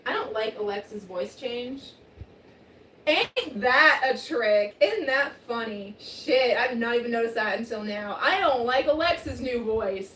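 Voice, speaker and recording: A woman's voice: on the high side, animated, a little slow, fairly bright tone, slight background noise. A woman talking casually in a rambling home vlog from her kitchen, her voice changed by a throat injury, full of fillers and swearing. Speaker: vlogger.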